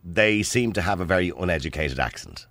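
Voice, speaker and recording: Animated radio phone-in host. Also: male voice, low-pitched, fairly quick, no room sound. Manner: chatty, animated and laughing readily. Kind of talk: casual talk radio chat. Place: radio studio.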